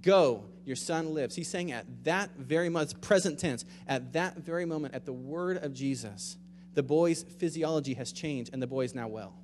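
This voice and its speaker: A man's voice: a little high, normal speed, big-room sound, slight background noise. Man preaching in a conversational sermon. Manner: conversational preaching, swings from quiet to emphatic. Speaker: pastor.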